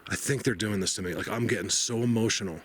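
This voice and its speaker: Man, lowish voice, emotional outdoor vlogger, rambling, faint ambience outside. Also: quick pace, slight background noise. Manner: emotional, awed, rambling, drops to hushed tones. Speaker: vlogger exploring the woods. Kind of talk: excited outdoor vlog narration. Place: outdoors in snowy forest.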